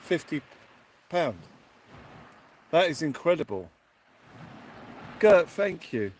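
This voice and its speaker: A man hosting a casual fishing livestream outdoors at night, excitedly thanking viewers. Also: on the high side, takes it slowly, slight background noise. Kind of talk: casual live chat.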